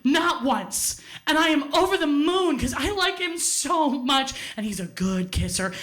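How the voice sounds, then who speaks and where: A woman with a high voice tells a personal story live from a theater stage. She is animated, swears freely and laughs at her own mishaps. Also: unhurried.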